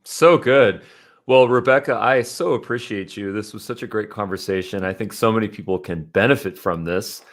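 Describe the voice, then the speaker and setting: Male podcast host, fairly low voice, casual and talkative with many restarts. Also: moderate pace. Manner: chatty, laughs easily, restarts often.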